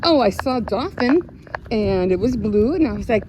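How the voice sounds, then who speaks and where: A woman's voice: mid-range voice, normal speed. An older woman vlogging in a casual, rambling way, telling stories and often laughing. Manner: chatty storyteller who laughs often. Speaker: craft vlogger. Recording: dull lo-fi sound with steady noise.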